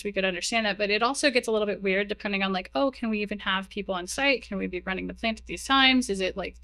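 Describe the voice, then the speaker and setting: Chatty woman giving a bright-toned conference talk. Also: medium pitch, a little hiss or hum. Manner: chatty, heavy use of "like" and "um", self-deprecating asides. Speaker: conference speaker. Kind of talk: casual technical conference talk. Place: conference room, live talk. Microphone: stage mic, moves away while walking to slides.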